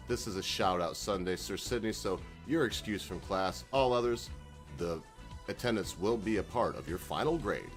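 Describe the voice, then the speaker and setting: A man hosting his own video channel, talking in a folksy, rambling monologue with chuckling asides. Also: sits low. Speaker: channel host.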